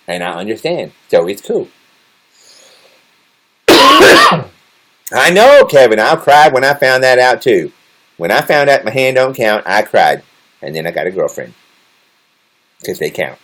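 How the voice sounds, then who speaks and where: A man live-streaming to his chat, trading crude, teasing jokes with viewers. His pitch swings widely and expressively as he talks. He sits at a middling pitch and keeps an easygoing, joking tone. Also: wildly swooping pitch, measured pace, pauses often, very noisy. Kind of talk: casual livestream chat with viewers.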